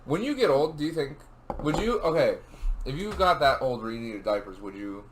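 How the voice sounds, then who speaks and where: A man's voice: mid-range voice, big pitch swings, normal speed, noisy background. Young man swearing through casual banter. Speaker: podcast co-host. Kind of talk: casual chat. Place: home table.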